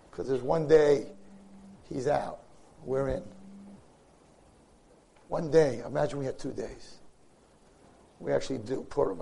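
A man giving a Torah lecture, impassioned, swinging from hushed asides to loud pleading, with Hebrew and Yiddish terms. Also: mid-range voice, creaky, slightly rough.

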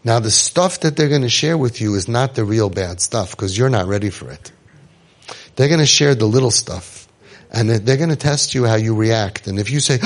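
This inspirational speaker has a lowish voice and speaks at normal speed with animated energy. Telling stories to his audience, he cracks jokes and acts out the people he quotes.

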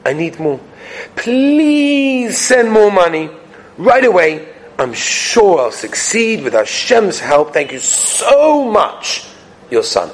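A man voicing a calm customer who reads a letter slowly and gently. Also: high-pitched, full character voice, poor audio. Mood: gentle. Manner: slow, gentle, drawn-out reading. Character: calm male customer reading a letter kindly.

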